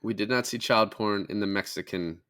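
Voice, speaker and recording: Bright-voiced man recapping a film. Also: on the low side, a little fast, clear, resonant tone. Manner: animated retelling of scenes, swears freely. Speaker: podcast co-host. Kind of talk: casual film review chat.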